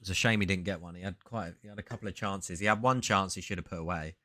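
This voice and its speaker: Rambling man, low-voiced. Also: fast, sharp tone. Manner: rambling, self-interrupting storyteller. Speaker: sports card streamer. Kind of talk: casual live-stream chat.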